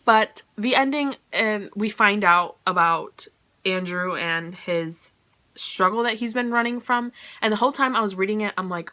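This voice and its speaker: Bright-voiced chatty woman reviewing books. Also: medium pitch, normal speed. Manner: chatty and gushing, full of "like" and "you know". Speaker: book reviewer. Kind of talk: casual spoiler book review.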